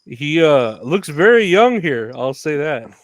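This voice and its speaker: A man's voice: a little high, very animated, unhurried, no room sound. A man co-hosting a podcast in casual chat, joking and laughing often. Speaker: podcast co-host.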